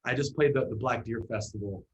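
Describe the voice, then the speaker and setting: A man's voice: medium pitch, fairly quick, a little hiss or hum, poor audio. Rambling storytelling male musician. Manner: animated storyteller with many fillers and restarts. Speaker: musician guest. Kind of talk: casual storytelling interview.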